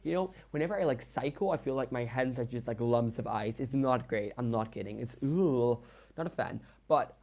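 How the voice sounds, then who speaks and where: Young man, Dutch accent, non-native English; casual rambling voiceover, halting and self-deprecating. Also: medium pitch, a little mellow. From Netherlands. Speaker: game builder.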